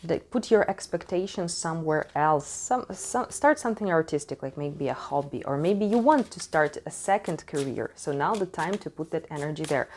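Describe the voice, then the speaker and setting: A woman's voice: sits low, animated, moderate pace, hardly any pauses. A woman who is not a native English speaker gives a casual tarot reading at home into a desk microphone, talking frankly, swearing freely and laughing often. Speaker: tarot reader. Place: home in Switzerland.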